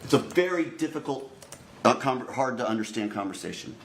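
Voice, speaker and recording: A male prosecutor delivering a deliberate opening statement to a jury, repeatedly addressing the jurors directly. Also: mid-range voice, animated. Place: courtroom. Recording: echoey courtroom recording, faint noise.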